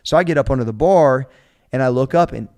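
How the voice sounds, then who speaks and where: A man in his forties tells a story on a coaches' podcast in a casual, animated way. He acts out what others said and swears freely as he goes. His voice sits at an ordinary middle pitch for a man. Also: brisk. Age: 40s. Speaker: strength coach.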